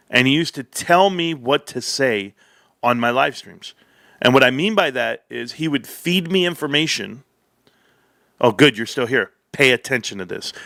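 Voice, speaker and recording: A man hosting a livestream, telling a long story in a rambling, animated way, with profanity, restarts and side remarks. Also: medium pitch, gravelly, no room sound, clean studio sound. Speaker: livestream host.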